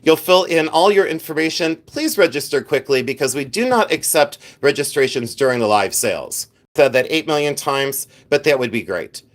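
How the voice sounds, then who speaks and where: A man's voice: on the high side, expressive, moderate pace, hardly any pauses. Chatty man hosting a live jewelry sale. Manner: chatty and rambling, talks to the viewers' chat by name; self-mocking with bursts of playful laughter. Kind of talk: casual livestream selling chat.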